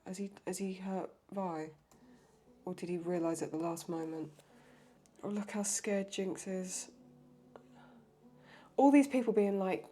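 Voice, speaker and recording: A young woman with a husky, breathy voice, sick with a cold, talks through her reaction to a show. Her tone is dark and mellow, bursting into exclamations and swearing as the scenes unfold. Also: mid-range voice, a little slow, long pauses. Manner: emotional, exclamatory, swears often. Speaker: reaction video host. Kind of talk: casual reaction commentary.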